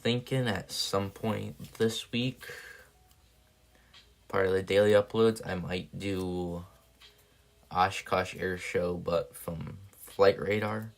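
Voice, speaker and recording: A man casually thinking aloud while building paper planes on a live stream, soft-spoken and rambling. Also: deep voice, steady tone, takes it slowly, vocal fry.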